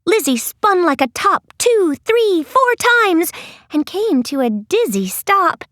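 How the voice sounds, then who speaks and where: Woman narrator, high voice, slow pace, gentle expressive storytelling, dry studio sound. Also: no room sound. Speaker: audiobook narrator. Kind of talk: scripted narration.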